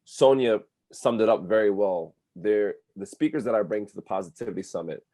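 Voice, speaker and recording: Low, mellow-voiced man from New Jersey. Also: lively intonation, brisk, no room sound. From New Jersey, USA. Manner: earnest, with lots of "like" fillers. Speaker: guest, speaker and coach. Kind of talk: casual interview.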